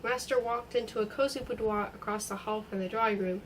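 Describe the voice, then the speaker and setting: A woman's voice: medium pitch, fairly even intonation, brisk, a little hiss or hum, poor audio. Woman reading a novel aloud. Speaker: reader.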